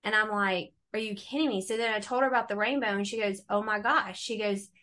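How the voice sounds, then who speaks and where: A middle-aged woman telling her faith testimony in a relaxed conversation, animated and acting out the voices she quotes. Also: medium pitch, a little fast. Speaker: guest.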